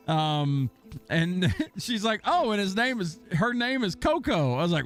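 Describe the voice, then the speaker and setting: Animated, swearing young man telling stories. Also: high-pitched, moderate pace. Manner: rambling, profane storytelling. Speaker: gaming streamer. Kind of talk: casual stream chat. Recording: faint music behind.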